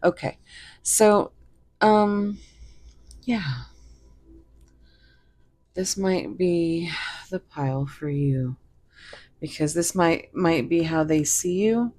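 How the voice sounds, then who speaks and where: A woman with a low, unhurried voice gives a casual tarot reading to her viewers. She rambles from thought to thought and giggles often, speaking straight to the audience. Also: expressive, darkish tone. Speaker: tarot reader.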